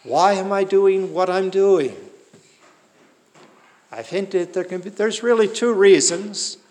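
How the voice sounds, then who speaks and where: A man's voice: high-pitched, slow, darkish tone, in a large hall. A man preaching a sermon in an earnest way, asking the listeners rhetorical questions.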